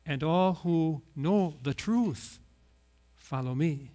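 Solemn, measured male teacher, put on by a preacher, slow and high-pitched. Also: lively intonation, warm tone. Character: calm grown male teacher proclaiming truth.

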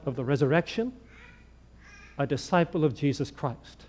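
A male preacher giving a sermon, telling stories in an animated way and acting out the dialogue. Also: on the high side, normal speed, long pauses, slightly rough. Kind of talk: sermon storytelling.

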